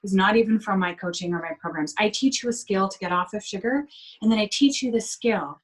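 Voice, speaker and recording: A woman coaching on sugar addiction as a guest in an interview, speaking gently and heartfelt, sometimes acting out inner voices. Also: mid-range voice, brisk, rough recording. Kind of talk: interview over video call.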